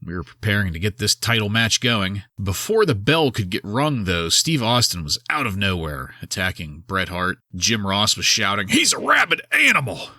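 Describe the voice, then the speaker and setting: A man's voice: on the low side, lively intonation, normal speed, hardly any pauses, pushed and bright, no echo, clean studio sound. A man hosting a wrestling podcast, recapping an old episode in a wry, sarcastic casual style. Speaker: podcast host.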